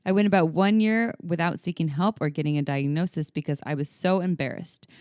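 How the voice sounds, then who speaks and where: Frank, low-voiced woman podcast host. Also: a little fast, a little mellow, clear, resonant tone, no echo, studio quality. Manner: frank, laughs often. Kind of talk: casual chat and advice.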